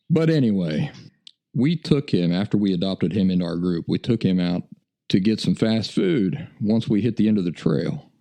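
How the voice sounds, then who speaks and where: A man's voice: sits low, lively intonation, moderate pace, creaky, warm tone. A man hosting a podcast, telling a casual, rambling anecdote in a folksy way. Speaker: podcast host.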